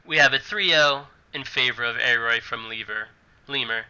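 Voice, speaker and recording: A man's voice: mid-range voice, normal speed, sharp tone, clear, resonant tone, lo-fi sound. A man from New York hosting a casual card game league show, joking and laughing easily as he reads results and signs off. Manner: jokey, laughs easily, gives results and sign-offs. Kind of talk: casual chat.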